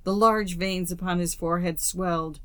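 Woman narrator, lowish voice, dry close recording, steady audiobook reading. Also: smooth, dry recording. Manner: steady, measured storytelling. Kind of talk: scripted narration.

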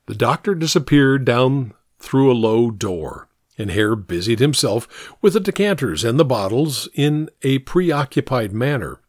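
A man narrating an audiobook in an expressive storytelling manner, recorded close to the mic. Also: medium pitch, measured pace, no room sound.

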